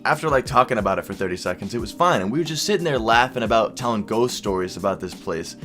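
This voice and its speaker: A young man vlogging, casually telling a wild night's story with lots of swearing and animated quoted voices. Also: fairly low pitch, fast, soft background music. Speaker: YouTuber.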